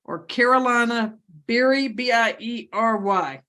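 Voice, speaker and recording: Higher-voiced woman judge, brisk and joking. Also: pushed and bright. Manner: brisk and joking, reading out charges and bond amounts. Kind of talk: courtroom proceedings.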